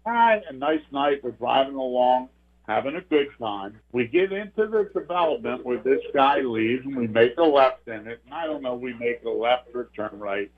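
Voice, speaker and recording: An older man tells a ghost story in a vivid, earnest way. His voice comes through a thin, tinny phone line. He sits at an ordinary middle pitch for a man. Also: animated, normal speed. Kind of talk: telling a personal ghost story.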